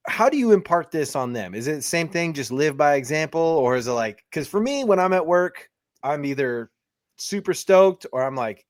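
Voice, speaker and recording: A man's voice: a little high, sing-song, normal speed, dry recording, studio quality. A man hosting a casual podcast interview, easygoing, laughing along with his guest and peppering his talk with slang. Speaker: podcast host.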